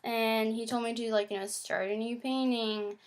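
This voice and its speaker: A woman's voice: a little high, fairly even intonation, normal speed. A woman vlogging in a casual confessional way, chatty and full of filler words, acting out her own past thoughts. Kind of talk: casual confessional talk to camera.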